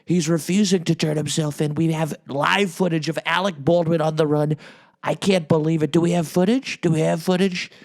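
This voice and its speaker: A man's voice: fairly high pitch, fairly even intonation, normal speed, natural voice. A man doing a comedic impression of a boastful former president hosting a podcast, rambling and repeating himself. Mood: blustering.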